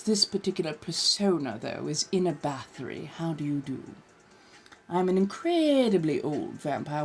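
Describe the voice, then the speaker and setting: A woman's voice: on the low side, darkish tone, slight background noise. Genteel woman with a theatrical vampire persona. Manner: theatrical, genteel old-fashioned phrasing. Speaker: live-stream host reading tarot. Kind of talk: in-character live-stream chat as a vampire persona.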